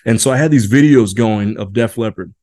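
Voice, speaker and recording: 40s guy from indiana talking leadership on his podcast, kinda low voice, rambles and restarts a lot, says y'all. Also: brisk, mellow. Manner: rambling, many restarts and fillers, folksy "y'all". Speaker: podcast host. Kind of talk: casual monologue.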